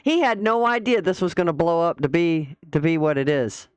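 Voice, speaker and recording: Smooth-voiced sarcastic woman commentator. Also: lowish voice, normal speed, darkish tone, no room sound. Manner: mocking, dismissive. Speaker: commentary host.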